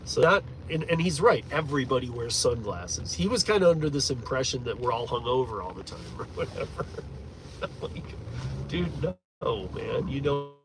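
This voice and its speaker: A medium-pitched man from Michigan who drives rideshare talks at a normal speed to his stream from inside his moving car. He rambles loosely, chuckling and swearing casually, over steady road noise.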